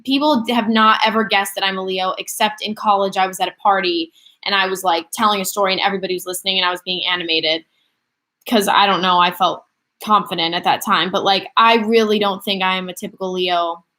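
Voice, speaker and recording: A woman's voice: mid-range voice, fairly even intonation, brisk, sharp tone. A woman in her twenties chatting casually on a livestream, rambling through viewer questions with lots of fillers. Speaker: livestream host.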